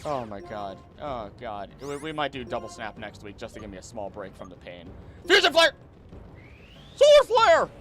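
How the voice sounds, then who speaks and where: A young man casually commenting on his gameplay while he streams, chatty and animated, with sudden loud outbursts. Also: lowish voice, brisk, few pauses, music in the background. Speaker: streamer playing a video game.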